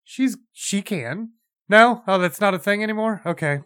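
A man's voice: high voice, moderate pace, bright, forceful tone, clear, resonant tone. Sarcastic man ranting about a movie. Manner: blunt, sarcastic, swears freely. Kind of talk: casual movie review chat.

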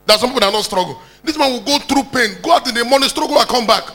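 A man's voice: very high voice, very fast, pushed and bright. A Nigerian man preaching a sermon, exhorting the congregation and calling out for hallelujahs.

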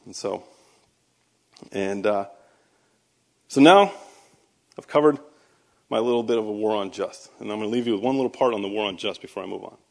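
A Christian speaker from the United States, also an army veteran, gives a testimony sermon in a lowish, creaky voice. His pace is brisk but broken by long pauses, and his storytelling is conversational, with sarcastic asides and sudden emphasis.

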